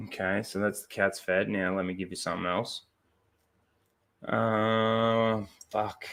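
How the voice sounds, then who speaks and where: A man's voice: lowish voice, level tone, measured pace, vocal fry, a bit bright. A man hosting a livestream in casual chat, swearing freely and rambling as he stalls for time. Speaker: livestream host.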